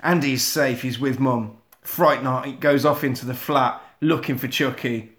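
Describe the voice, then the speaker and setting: A man retelling a film plot in casual, animated, sweary storytelling. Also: medium pitch, a little slow, roomy sound.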